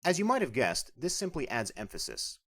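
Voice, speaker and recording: A man narrates a scripted beginner language lesson. He explains each point clearly and patiently. His pitch moves widely and his tone stays lively as he guides the learner. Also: brisk. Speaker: language instructor.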